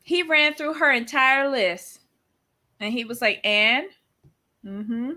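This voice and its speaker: A woman's voice: high-pitched, lively intonation, a little slow, bright, forceful tone. A woman co-hosting a casual TV recap chat, making dry, sassy asides and agreeing often. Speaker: podcast co-host.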